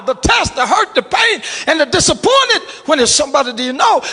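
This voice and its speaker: Preaching in a spacious church sanctuary, this middle-aged man has a gravelly voice pitched very high for a male. His sermon runs fairly quickly and sing-song with hardly a pause, moving between whispers and shouts as he calls out to the congregation, long echoes trailing each line.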